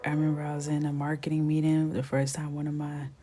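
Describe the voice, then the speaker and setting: A woman in her thirties telling stories while she colors on a live stream, chatty and animated, often dropping to a near whisper. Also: sits low, fast. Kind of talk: casual storytelling while coloring.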